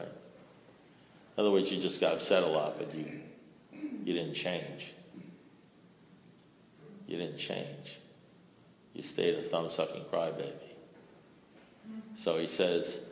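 Older guy at a recovery meeting, lowish voice, swearing and joking, big echoey hall. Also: steady tone, measured pace, long pauses. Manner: profane, joking, acts out both sides of conversations. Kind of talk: storytelling talk to an audience. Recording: roomy hall with long echo.

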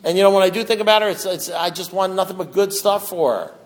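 A middle-aged man giving a twelve-step recovery testimony, talking in a loose conversational way with lots of fillers, dropping low and hushed, then rising to loud, raised outbursts. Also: fast talker. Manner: conversational, fillers like "you know" and "deal", mimics voices. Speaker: recovering alcoholic sharing at a meeting.

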